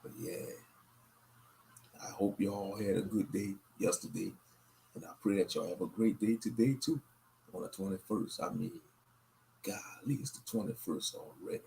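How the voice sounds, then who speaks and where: A tired man rambles through a late-night livestream in a very low, gravelly voice. His talk is loose and monotone, with little lift from line to line. He sounds worn out. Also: moderate pace, long pauses, slight background noise. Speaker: livestream host.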